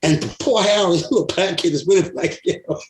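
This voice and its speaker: An older man, a veteran singer, telling lively stories in an interview, laughing and acting out the voices of others. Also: sits high, a little fast, slight background noise. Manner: animated storyteller, laughs often, acts out voices. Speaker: guest singer. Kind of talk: storytelling interview. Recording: roomy echo.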